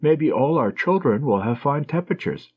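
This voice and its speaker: A wounded young soldier in love, as a husky male reader plays him. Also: fairly high pitch, animated, normal speed, pitched above the performer's own voice. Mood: earnest. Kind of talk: audiobook reading. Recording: dull lo-fi recording.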